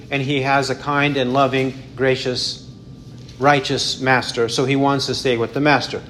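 A man teaching a Bible study, explaining in a measured way with frequent restarts and self-corrections. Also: fairly high pitch, fairly bright tone, a little hiss or hum.

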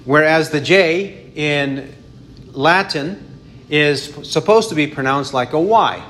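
A man teaching a Bible study, explaining in a measured way with frequent restarts and self-corrections. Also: a little high, fairly bright tone, slight background noise.

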